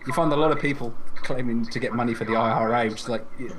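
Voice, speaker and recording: A man's voice: medium pitch, quick pace. A young English man with an English accent, co-hosting a podcast in jokey banter that breaks into laughter. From England. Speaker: podcast host. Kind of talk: casual chat. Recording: noisy background hiss.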